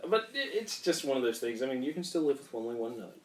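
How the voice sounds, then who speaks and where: A man's voice: medium pitch, very animated, fast talker. A young man in casual podcast chat, telling a story while laughing and swearing freely. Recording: echoey room, mic at a distance.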